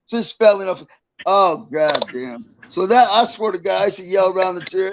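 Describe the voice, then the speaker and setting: An older man, a former prisoner, is the guest in a casual interview, rambling through profane stories from his past and chuckling between them. His voice sits high and he speaks at a normal speed. The audio quality is poor.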